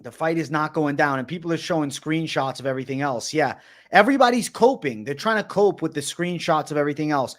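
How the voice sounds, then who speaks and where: Young man, livestream host, high voice, excited, repetitive, swearing. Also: fast talker. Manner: excited, repetitive, swearing, addresses viewers as bro. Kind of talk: livestream commentary.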